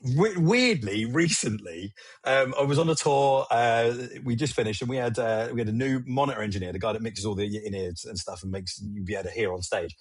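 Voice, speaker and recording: A man co-hosting a podcast, chatting casually and telling lively, sweary stories that act out movie quotes. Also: mid-range voice, slightly rough, dry recording. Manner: animated, swearing storyteller who acts out movie quotes. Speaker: podcast co-host. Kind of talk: casual chat.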